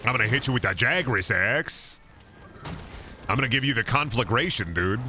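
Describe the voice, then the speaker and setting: A man's voice: medium pitch, animated, normal speed, background noise. A man streaming a video game, joking, rambling and trash-talking in casual chat.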